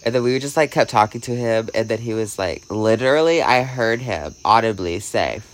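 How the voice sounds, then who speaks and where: A man vlogging, telling a rambling story with "like" in almost every phrase and swinging between hushed and excited delivery. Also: lowish voice, normal speed. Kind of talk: casual storytelling vlog.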